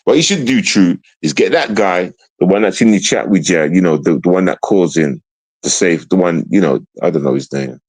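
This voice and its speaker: A man's voice: deep voice, lively intonation, normal speed, gravelly, darkish tone, slightly rough, poor audio. A man hosting a livestream, ranting in a casual, confrontational way and repeating himself. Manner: confrontational, repetitive, slangy, restarts often. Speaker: livestream host.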